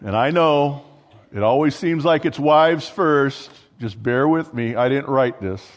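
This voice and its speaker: A man's voice: mid-range voice, measured pace. A male pastor preaching a sermon in a conversational way, with joking asides and restarts mid-thought. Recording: long hall reverb.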